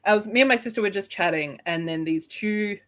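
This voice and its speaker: A woman's voice: mid-range voice, fairly quick, a bit bright. A woman in her thirties from Australia with an Australian accent, chatting as a guest author and laughing often. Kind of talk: casual interview chat.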